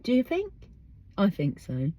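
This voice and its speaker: A woman's voice: mid-range voice, huge pitch swings, a little slow, warm tone, no room sound. An English woman hosting her podcast outdoors, chatting emphatically and firing off rhetorical questions. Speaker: podcast host. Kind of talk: casual monologue.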